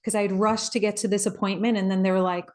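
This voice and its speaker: A woman life coach giving a reflective, earnest motivational talk, personal in tone, with soft laughs along the way. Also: medium pitch, little pitch movement, fast.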